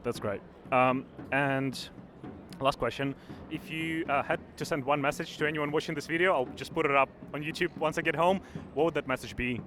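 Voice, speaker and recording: A man with a slightly high voice interviews strangers at a street rally. He talks quickly, and his questions come out hesitant, full of ums and stammered restarts. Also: fairly bright tone, slight background noise. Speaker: interviewer, independent YouTuber. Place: outdoors at a city street rally.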